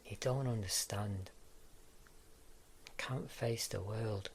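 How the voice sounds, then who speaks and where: Slow gravelly whispering man. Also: on the low side, fairly even intonation, slight background noise. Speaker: ASMR performer. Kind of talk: whispered role-play.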